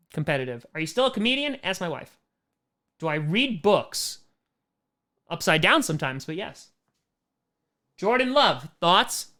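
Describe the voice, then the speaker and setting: A man running a casual livestream Q&A as a comedian, reading questions off the screen and firing back joking answers. His voice is bright and forceful, with a loose, self-mocking manner that often trails into a laugh. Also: high voice. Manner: reads fan questions aloud and answers with quick jokes. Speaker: comedian hosting a fan Q&A stream.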